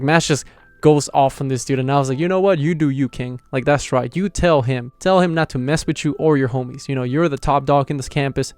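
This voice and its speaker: A young man excitedly recapping an anime episode in slangy, casual talk. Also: medium pitch, clear, resonant tone, dry recording. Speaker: anime reviewer.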